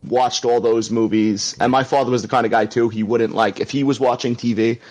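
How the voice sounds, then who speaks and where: A man's voice: medium pitch, fairly even intonation, a little mellow. New york guy w/ a staten island accent, chill podcast guest, laughs a lot, medium voice. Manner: easygoing, laughs often, quick friendly asides. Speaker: guest co-host. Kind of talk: casual podcast chat.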